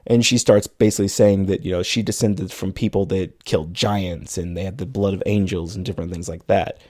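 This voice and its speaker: A man's voice: low voice, fairly even intonation, a little fast, darkish tone. A man co-hosting a podcast, retelling a film's plot in casual chat and quoting its characters in passing. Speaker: podcast co-host. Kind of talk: casual film recap.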